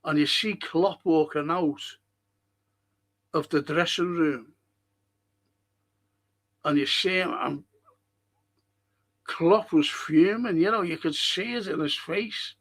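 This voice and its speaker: A man's voice: fairly high pitch, slow, pauses often, fairly bright tone. A man hosting a casual live-stream fan podcast, talking bluntly, swearing freely and reading out viewer comments. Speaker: podcast host.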